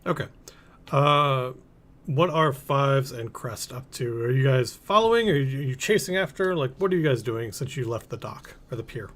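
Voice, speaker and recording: A man acting as game master, describing scenes haltingly with frequent pauses while he recalls details. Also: mid-range voice, animated, a bit bright. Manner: hesitant, many ums and restarts while recalling details. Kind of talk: running a tabletop game.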